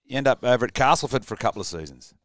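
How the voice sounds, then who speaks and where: A man hosting a casual interview, asking relaxed, easygoing questions. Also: medium pitch, racing, no echo, clean studio sound. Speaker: podcast host.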